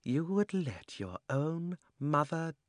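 A man's voice: on the high side, big pitch swings, takes it slowly, dry recording, studio quality, voice pushed up. A man reading an audiobook, voicing a cold, cunning sorceress who coaxes and scorns, her voice sometimes sinking to a whisper. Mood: scornful. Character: cold tempting sorceress queen, fierce and cunning.

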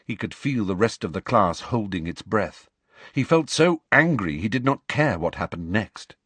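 A man narrating an audiobook in an expressive storytelling manner. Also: on the low side, moderate pace, husky, dry recording. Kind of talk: scripted narration.

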